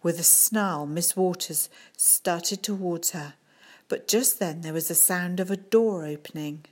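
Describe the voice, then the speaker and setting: A woman reading a children's book aloud in a calm, unhurried storytelling manner. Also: on the low side, husky. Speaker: audiobook reader.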